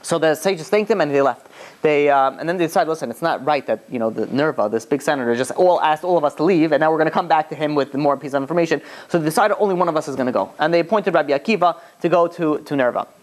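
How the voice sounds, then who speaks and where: With a slightly high voice and a quick pace, a rabbi narrates a story during a casual, conversational lecture. His retelling is lively, voicing the characters' quoted words, and "you know" comes up often.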